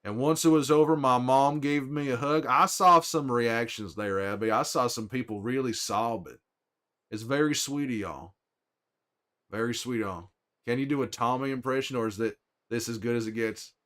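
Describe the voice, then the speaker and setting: A man voicing a gruff, weary middle-aged Texan man, folksy and teasing, chatting in character with viewers in a slow Southern drawl. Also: medium pitch, a bit bright, close to an everyday voice. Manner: drawling, folksy, teasing, trails off with "there" and a name. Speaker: streamer in character. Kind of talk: in-character chat with stream viewers.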